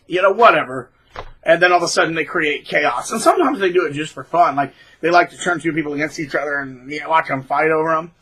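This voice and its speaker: A man's voice: bright, forceful tone, husky. A man hosting his own channel, talking in a blunt, scornful casual rant. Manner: blunt, scornful, mocks people in shrill voices. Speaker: channel host.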